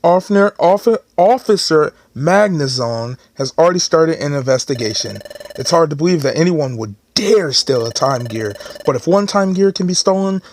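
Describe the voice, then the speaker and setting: Brief: a man doing a stiff, orderly guild officer, stern and low-key in a game. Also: slight background noise. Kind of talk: let's play dialogue reading.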